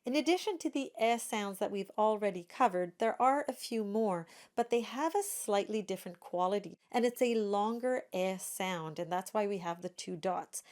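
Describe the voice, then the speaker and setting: A woman singing teacher giving a pronunciation lesson, demonstrating each vowel sound slowly and carefully. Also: medium pitch, a little mellow.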